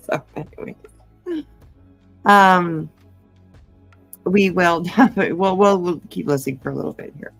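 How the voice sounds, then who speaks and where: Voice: medium pitch, a little slow, vocal fry, long pauses, a bit bright, faint music behind, rough recording. A livestreamer chatting casually about a true-crime case to a live chat, rambling with lots of fillers and asides while tired and yawning. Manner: rambling, filler-heavy, hedging.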